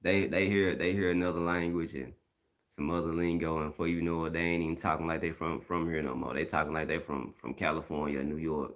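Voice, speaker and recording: A man's voice: rumbling low, level tone, fairly quick, fairly bright tone. A middle-aged man from Mississippi with a Southern accent, talking bluntly and casually on a live stream, repeating his points in slang.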